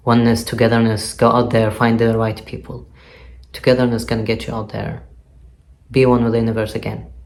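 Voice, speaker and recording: This man's voice is medium in pitch with a darkish tone. He's filming a vlog outdoors in a city, street music close by, delivering an earnest, emotional and candid personal monologue that sometimes slips into swearing.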